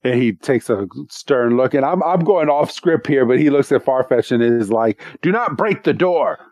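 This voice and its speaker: A man's voice: mid-range voice, moderate pace, darkish tone, no echo. A man co-hosting a podcast, recapping an episode in casual chat, rambling and laughing as he slips into voices. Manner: rambling, laughs often, breaks into character voices.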